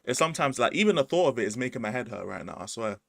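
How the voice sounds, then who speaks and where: A man's voice: medium pitch, very animated, racing, gravelly, dry recording. A man with a London accent hosting a casual livestream chat, laid-back and slangy, swearing often. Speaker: streamer host.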